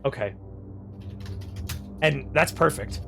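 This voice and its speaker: A man hosting a live stream and reading an AI story aloud, excitable and swearing, swinging between loud bursts and mutters. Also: medium pitch, slow, vocal fry, soft background music. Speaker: streamer and game host.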